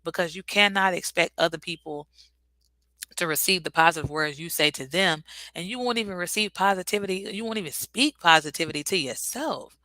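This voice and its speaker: A woman's voice: lowish voice, fairly quick, pushed and bright, dry recording, rough recording. A talkative woman hosting a casual motivational livestream, answering viewer comments and laughing easily. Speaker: livestream host.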